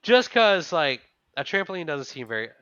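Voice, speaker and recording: Chatty male co-host, bright forward voice, dry and slightly dull podcast sound. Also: on the high side, very animated, normal speed, clear, resonant tone, no room sound. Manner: chatty, musing, thinks aloud. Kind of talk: casual chat.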